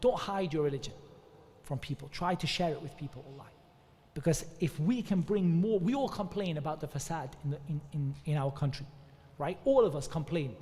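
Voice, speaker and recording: Man, fairly high voice, earnest informal preaching, long echoing hall reverb. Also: animated, a little fast, warm tone. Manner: earnest, conversational, repeats devotional phrases. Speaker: preacher giving religious advice. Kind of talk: informal religious advice talk.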